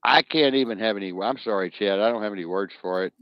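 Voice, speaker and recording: A man's voice: fairly low pitch, quick pace, no echo, highs cut off. A man co-hosting a casual podcast, emphatic and preachy, repeating phrases for effect. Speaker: podcast co-host.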